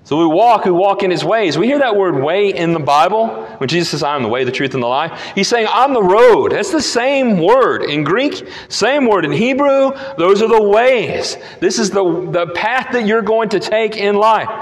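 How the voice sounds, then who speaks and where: A pastor delivers a sermon in a large hall, speaking emphatically with lively intonation and repeating key phrases. When he reads scripture, his voice drops low and slow.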